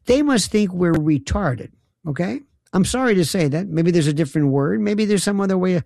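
A man hosts a late-night call-in radio show. He rambles in a wry, sarcastic way, his voice gravelly with fry. The studio sound is close and dry. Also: high voice, lively intonation, normal speed, darkish tone, no echo. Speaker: radio talk show host.

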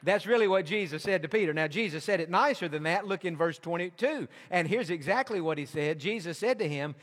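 A man preaching a sermon as pastor, reading scripture slowly and explaining it with emphatic repetition. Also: high-pitched, lively intonation, big-room sound.

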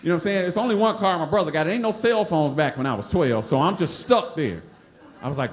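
An animated man from Detroit tells a personal story onstage, playing out the other voices as he goes. His voice sits high and swings widely in pitch. The sound carries an echoey room around it. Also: fast. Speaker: storyteller, stand-up comic. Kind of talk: live personal story on stage.

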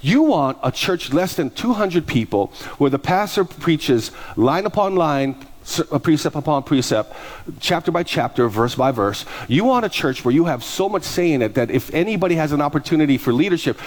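Male pastor, lively storyteller, slightly higher voice, plays every part in his anecdotes. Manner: animated, acts out both sides of conversations. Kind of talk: storytelling sermon.

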